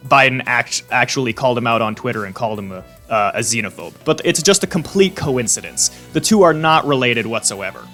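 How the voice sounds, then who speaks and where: A man's voice: mid-range voice, fairly bright tone. Sarcastic, foul-mouthed man ranting. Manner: profane, sarcastic, blunt. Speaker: vlog host. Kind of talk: ranting commentary vlog.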